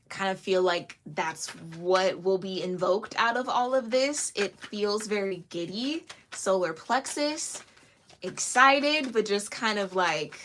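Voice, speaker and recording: A woman giving a casual tarot reading to camera, chatty and giggly with lively asides. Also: mid-range voice, a little hiss or hum. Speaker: tarot reader.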